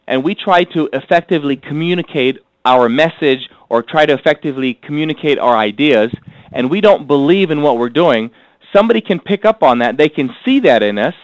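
A man teaching a workbook course. He repeats key phrases slowly so listeners can fill in blanks, and he speaks in an earnest, motivational way. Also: a little high, no room sound, rough recording. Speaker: course instructor.

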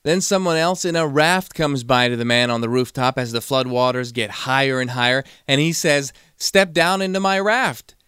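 A man's voice: medium pitch, normal speed, hardly any pauses, pushed and bright, smooth, dry recording, clean studio sound. A man giving a motivational talk, telling stories and acting out the quoted voices. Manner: storytelling, acts out quoted voices. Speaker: motivational speaker.

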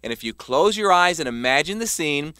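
A man reading a self-help text aloud as scripted narration, measured and emphatic. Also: fairly high pitch, lively intonation, sharp tone, smooth, dry recording, clean studio sound. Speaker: author narrating his self-help book.

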